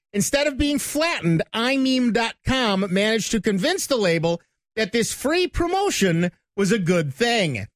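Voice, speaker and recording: High-voiced chatty radio host man. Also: no room sound. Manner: chatty, reads news items then banters. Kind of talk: casual tech talk radio. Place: radio studio.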